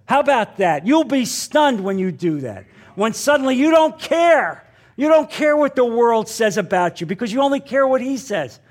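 High-voiced emphatic male preacher. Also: animated, normal speed. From New Jersey. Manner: emphatic, repeats lines, asks the crowd questions. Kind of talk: sermon.

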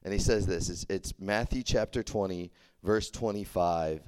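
With a low, slightly mellow and clean voice at a moderate pace, this young campus ministry preacher from Texas delivers a laid-back youth sermon. His chatty style is packed with "like" and restarts.

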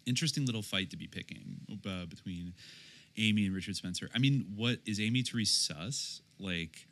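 Deep-voiced man co-hosting a podcast. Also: fairly bright tone. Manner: halting, many fillers and restarts. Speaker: podcast co-host. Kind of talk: casual podcast chat.

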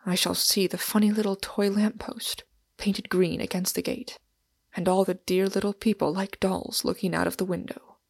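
A woman reading a big wistful englishman, soft and earnest, gravelly edge, dry close sound. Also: medium pitch, steady tone, a little slow, no echo. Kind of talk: audiobook character reading.

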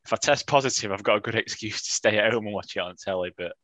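A man's voice: fairly low pitch, fast, a bit bright, dry recording. Wry man, dry close sound. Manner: wry, teasing banter with frequent restarts. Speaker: podcast co-host. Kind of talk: casual football fan chat.

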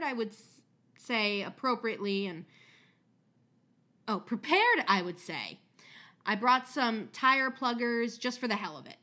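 A woman's voice: a little high, bright, forceful tone. A woman hosting a podcast, reading a story aloud with casual asides, chatty and swearing freely.

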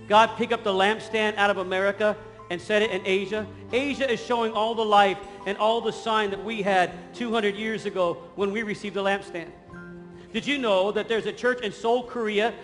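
High bright-voiced guy pastor preaching hard in a big church, long echo, soft music under. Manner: fervent preaching, rising to shouts. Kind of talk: sermon. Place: large church sanctuary. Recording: long hall reverb, faint music.

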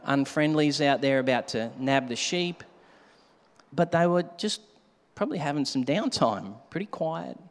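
A man preaching a sermon, animated, at times shouting to act out a scare and dropping to a hush. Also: on the high side. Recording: long hall reverb.

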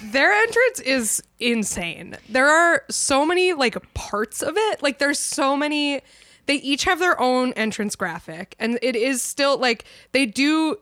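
A woman's voice: high voice, lively intonation, measured pace, sharp tone, no room sound, studio quality. A woman co-hosting a podcast, chatting casually with many "like" fillers and frequent laughs. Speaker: podcast co-host. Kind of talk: casual chat.

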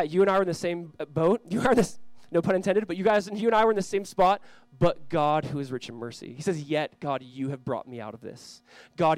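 A male pastor delivers an earnest sermon in a fairly high voice. He swings between loud emphasis and hushed pleading and slows down to read scripture. The recording is close and dry. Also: no room sound. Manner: reads scripture aloud slowly.

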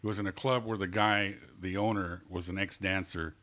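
A man, a comedian and guest on a talk show, telling a story in a loose, animated way, laughing as he acts out what people said. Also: sits low, brisk. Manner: animated anecdote with laughter and acted-out quotes. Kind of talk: casual storytelling.

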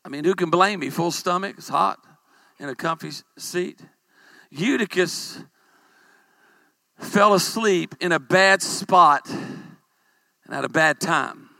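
A man, a pastor, preaching a humorous sermon with animated storytelling and calls for amens. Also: sits high, slow pace, vocal fry, long pauses, no echo.

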